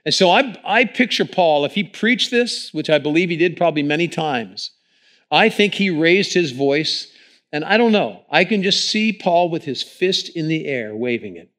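A man preaching a sermon in church, talking into a microphone and swinging between hushed lines and loud ones. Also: fairly high pitch, expressive, measured pace. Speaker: pastor.

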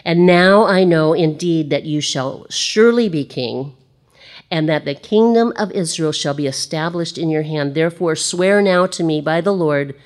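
A woman's voice: low voice, moderate pace, lightly acted. A woman voicing a remorseful older male king, read in a plaintive, wondering way.

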